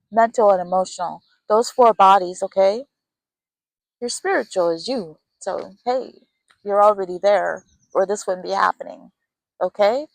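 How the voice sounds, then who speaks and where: A woman's voice: on the high side, no room sound, poor audio. A woman giving an intuitive spiritual reading, talking straight to the listener and acting out the quoted voices as she goes. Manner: animated, acts out quoted voices. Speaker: tarot reader.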